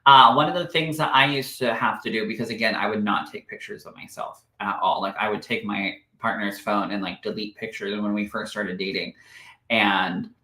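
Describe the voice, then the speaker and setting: A man hosts a live spiritual reading for viewers, gushing and affectionate as he goes through comments. His voice has a bright edge. The sound carries a roomy echo. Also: lowish voice, steady tone, normal speed. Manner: affectionate, gushing, calls viewers "my love" and "darling". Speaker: spiritual medium and host.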